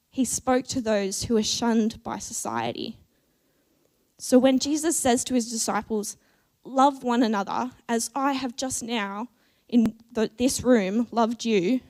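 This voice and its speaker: Woman, sermon, somewhat high voice, measured and earnest, deliberate pauses, church message. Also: darkish tone. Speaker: preacher.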